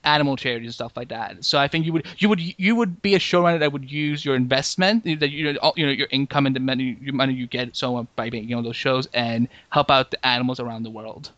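A man's voice: medium pitch, quick pace, hardly any pauses, a bit bright, no room sound, dull audio. A man hosting a podcast in casual chat, rambling along with frequent "like" and restarts. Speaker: podcast host.

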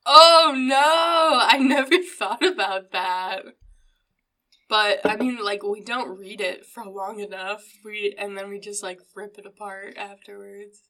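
A woman's voice: mid-range voice, steady tone, sharp tone. A young woman co-hosting a podcast, reacting in casual chat with frequent laughter. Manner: laughs often, drawn-out reactions. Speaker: podcast co-host.

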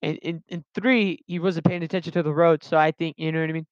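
A man's voice: a little high, fairly even intonation, fast, clean tone, no echo. A young man in his late teens telling a personal story casually, rambling with lots of restarts and fillers, on a dull lo-fi recording.

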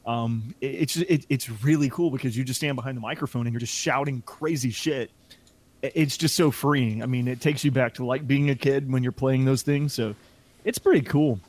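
A man's voice: mid-range voice, moderate pace, a little mellow. A man in radio chatting casually and enthusiastically, often stumbling over repeated words as he starts sentences. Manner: enthusiastic, stammering restarts. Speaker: radio presenter. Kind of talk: casual chat.

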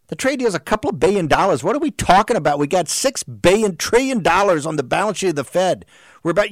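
Male host, heated combative monologue, slightly high voice, dry close sound. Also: no echo. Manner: rapid-fire rhetorical questions. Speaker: talk show host. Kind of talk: political talk show monologue.

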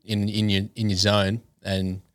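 Laid-back young man, low-pitched. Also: completely flat delivery, no echo. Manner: laid-back, measured, says mate. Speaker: podcast guest. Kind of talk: casual chat.

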